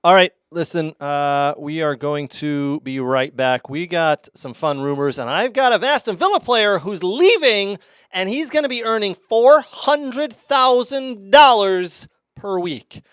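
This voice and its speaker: Middle-aged man, casual sports-show host, filler-heavy chat, a touch high, dry studio sound. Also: animated, unhurried, a bit bright, clean tone, no echo. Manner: chatty, rambling, lots of uh and um fillers. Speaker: podcast host.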